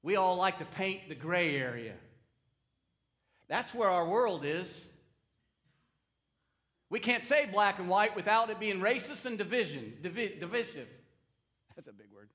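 High bright-voiced older male preacher. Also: expressive, measured pace, pauses often. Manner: storytelling, asks the congregation for responses. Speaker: pastor. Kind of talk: sermon.

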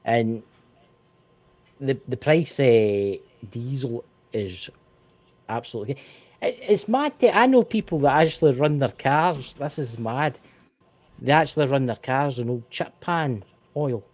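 A Scottish man co-hosting a casual podcast chat, animated and swearing, repeating himself when worked up. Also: medium pitch, a little slow, no echo. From Scotland. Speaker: co-host.

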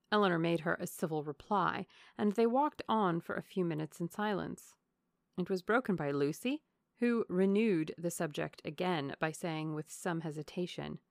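A woman reads a classic novel aloud in a steady storytelling manner. Her voice is low with a gravelly fry, and the recording is dry and close to the mic. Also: normal speed, no echo. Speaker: audiobook narrator.

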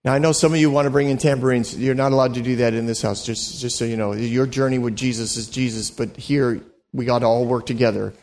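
A man's voice: medium pitch, level tone, fast talker, hardly any pauses, a little mellow. A man preaching a sermon as a pastor, in a conversational, joking way, acting out the voices he quotes.

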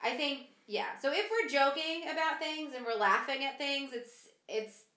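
Bright-voiced woman co-host in a roomy space. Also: high-pitched, lively intonation, moderate pace. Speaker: podcast co-host. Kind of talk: casual chat.

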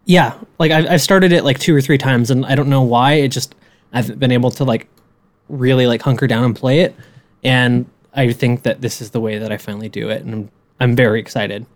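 A man's voice: mid-range voice, fairly even intonation, brisk. A man chatting casually about video games on a podcast, rambling with lots of restarts and fillers. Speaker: podcast co-host. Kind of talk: casual gaming chat.

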